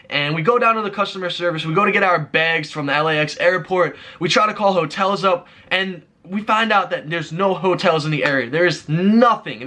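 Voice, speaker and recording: A man's voice: high-pitched, pushed and bright. A young man telling a frustrated travel story in a vlog, ranting and acting out the exchanges. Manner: exasperated, fast ranting, acts out quoted exchanges. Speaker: vlogger.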